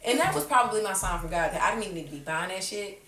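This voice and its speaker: A woman's voice: medium pitch, racing, pushed and bright, distant mic. A woman hosting a podcast, chatting casually with friends and telling a story animatedly, swearing freely and acting out the people she quotes. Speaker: podcast host. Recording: roomy, a bit off-mic.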